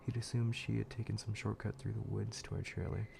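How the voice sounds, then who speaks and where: Dude reading scary stories on stream, low flat voice, swears a lot, trips over words. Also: male voice, brisk, vocal fry, noisy background. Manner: profane, laid-back storytelling with frequent restarts. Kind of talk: casual horror story narration on a livestream.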